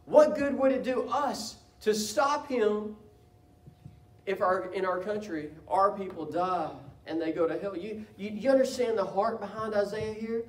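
High-voiced man preaching in an echoey church. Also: measured pace. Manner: impassioned preaching that swells into loud cries. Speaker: pastor. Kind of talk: sermon. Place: church sanctuary. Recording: echoey church room from a distance.

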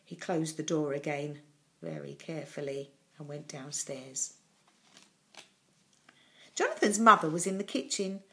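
A woman reading a children's storybook aloud as storyteller, with an expressive, clear delivery. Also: low-pitched, a little slow, pauses often, a little hiss or hum.

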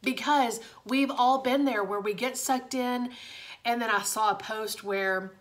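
A woman's voice: medium pitch, fairly bright tone. A young woman, chatting casually and confidingly to viewers in a motivational vlog from her home office. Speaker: direct sales director.

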